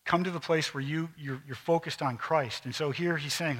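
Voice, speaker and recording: Bright-voiced man preaching with emphasis. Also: mid-range voice, moderate pace, husky. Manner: emphatic preaching, drops to quiet intense asides. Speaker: pastor. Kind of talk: sermon.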